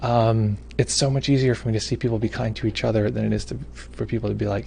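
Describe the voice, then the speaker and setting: A man's voice: on the low side, steady tone, fast, creaky, a little mellow, a little hiss or hum. A man who hosts a meditation livestream, chatting casually from home as he reads viewer comments, rambling, stumbling over names and gushing with thanks. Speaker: meditation teacher hosting a livestream.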